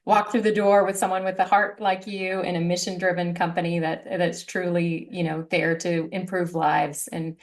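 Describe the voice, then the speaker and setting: A woman's voice: on the low side, flat delivery, normal speed, hardly any pauses. Encouraging female podcast host. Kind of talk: casual interview talk.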